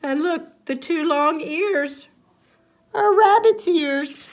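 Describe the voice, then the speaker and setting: A woman reading a picture book aloud to young children, expressive and sing-song, then talking through the pictures. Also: high voice, very slow. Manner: expressive, sing-song, shifting into character voices. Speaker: storybook reader.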